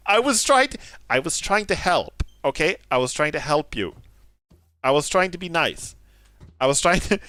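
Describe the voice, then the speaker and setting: A man's voice: on the high side, very animated, normal speed, pauses often, sharp tone, no echo. A man giving casual gameplay commentary, giggling often, shifting between mumbled asides and sudden alarmed outbursts, apologizing sheepishly. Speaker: gaming streamer.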